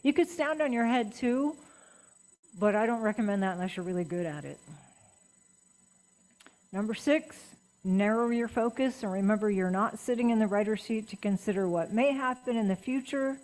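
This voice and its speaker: A middle-aged woman speaking as guest at a writers' meeting, chatty and personal with lively emphasis. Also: on the high side, normal speed, low-quality recording. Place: meeting room.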